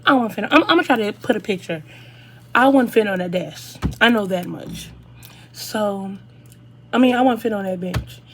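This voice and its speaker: An eighteen-year-old woman speaks, chatting animatedly through a storytime for her viewers. Her voice sits at a middle pitch, with a faint hum in the background. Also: lively intonation, moderate pace. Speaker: vlogger. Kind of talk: casual storytime.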